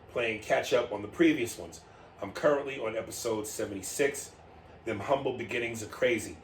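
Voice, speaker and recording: A man co-hosting a podcast, reading listener emails and riffing loudly with big pitch jumps. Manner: animated, loud riffing with sudden pitch jumps. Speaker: podcast co-host. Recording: roomy, distant mic with faint noise.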